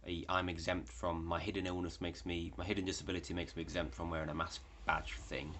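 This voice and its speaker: A man's voice: low-pitched, level tone, fast talker, a bit bright, slight background noise. A young man telling a story in a rambling, casual way, with lots of fillers and swearing. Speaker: vlogger.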